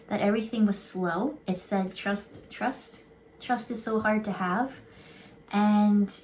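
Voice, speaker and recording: A woman at a mid pitch chats her way through an intuitive card reading, rambling from thought to thought. She drops in casual swear words. Her talk is loose and unscripted, with a faint hiss of noise behind her.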